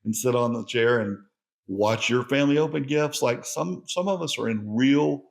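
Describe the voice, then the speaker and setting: A man's voice: mid-range voice, moderate pace, gravelly. A man hosting a solo podcast, speaking in an earnest, conversational and reflective way. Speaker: podcast host.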